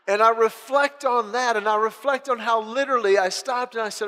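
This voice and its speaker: High-voiced middle-aged man in a reverberant hall. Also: normal speed, hardly any pauses. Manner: animated, self-deprecating, restarts phrases. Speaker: speaker sharing a personal testimony. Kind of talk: humorous personal storytelling.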